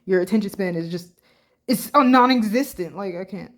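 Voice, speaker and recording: In a casual reaction vlog, a woman with a mid-range voice reads social media posts aloud at a moderate pace and reacts bluntly, using plenty of slang and swearing.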